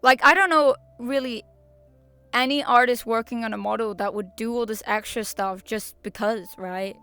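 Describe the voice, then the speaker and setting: A woman's voice: fairly high pitch, steady tone, moderate pace, bright, forceful tone, clear, resonant tone, faint music behind. A young woman streamer chatting casually to her viewers, rambling with restarts, slang and laughter. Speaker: VTuber streamer.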